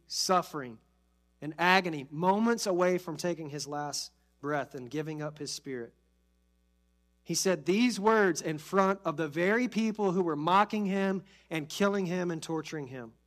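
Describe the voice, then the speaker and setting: A pastor preaching a sermon with earnest conviction, building to emphatic peaks and then dropping soft and slow. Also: male voice, high voice. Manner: repeats key phrases, slows for emphasis.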